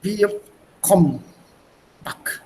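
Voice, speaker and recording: A man reading lines of ancient Germanic warriors from a comic in a mock German accent, slow and drawn out. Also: sits high, animated, a little mellow, heavily acted. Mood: mock-boastful.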